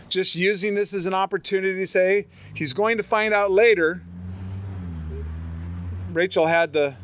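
A middle-aged preacher with a high, bright voice that carries. He reads scripture aloud, then breaks off to riff with playful asides and stories from his life. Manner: animated, storytelling, reads scripture aloud then riffs with humor. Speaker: pastor. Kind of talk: sermon.

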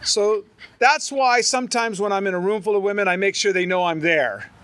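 Man, middle-aged, pastor, sermon, high voice, animated storytelling. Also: brisk. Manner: animated, storytelling, reads scripture aloud then riffs with humor.

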